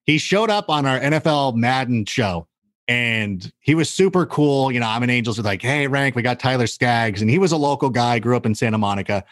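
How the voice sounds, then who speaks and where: A man telling stories in casual podcast chat, animated and acting out the voices of the people in them. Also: medium pitch, fairly quick, dry recording. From California. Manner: animated storyteller, acts out quoted voices. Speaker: guest.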